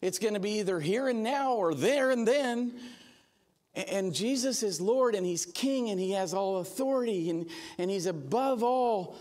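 A male pastor preaches in a church, his voice sitting notably high for a man. He takes his time, speaking slowly and deliberately. He is earnest, but he slips in humor and acts out little quotes as he teaches. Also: darkish tone. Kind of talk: sermon.

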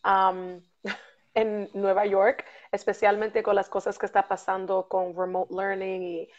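A woman's voice: medium pitch, flat delivery, normal speed, lo-fi sound. A woman co-hosting a casual ministry livestream, moving between Spanish and English and laughing often.

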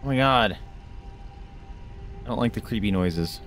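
A man streaming a video game live, reacting excitedly to what happens and chatting with his viewers. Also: lowish voice, measured pace, faint music behind.

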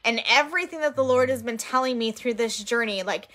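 Bright-voiced woman telling heartfelt stories. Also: fairly high pitch, a little fast. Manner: earnest, emotional, retells quotes in lively voices. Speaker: missionary sharing outreach stories. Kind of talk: casual storytelling chat.

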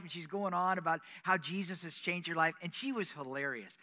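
A male preacher telling a story in a sermon. He is animated and acts out sounds with his voice. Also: a little high, brisk. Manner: animated, with vocal sound effects.

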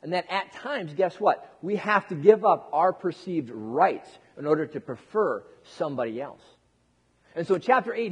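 A man's voice: high voice, darkish tone, slightly rough, long reverb tail. A male pastor preaching a casual, joking sermon, talking conversationally with frequent restarts.

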